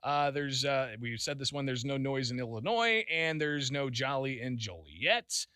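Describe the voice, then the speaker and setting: A man's voice: medium pitch, animated, a little slow, sharp tone, smooth, no room sound, studio quality. A man hosting a call-in radio talk show, chatty and laughing often, with lots of fillers. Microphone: studio microphone.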